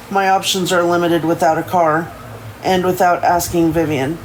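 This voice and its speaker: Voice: mid-range voice, steady tone, moderate pace, slight background noise, rough recording. Stumbling first-person novel reader. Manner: stumbling first-person narration with frequent self-corrections. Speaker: streamer reading a book aloud. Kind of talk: reading a novel aloud on a livestream.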